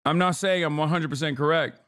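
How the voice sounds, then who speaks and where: Man, streamer, fiery sarcastic rant, cursing, smooth clear voice, a bit high. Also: brisk, a bit bright. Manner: heated, sarcastic, argues with the chat. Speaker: streamer reacting to a video. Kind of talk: profane live-stream commentary.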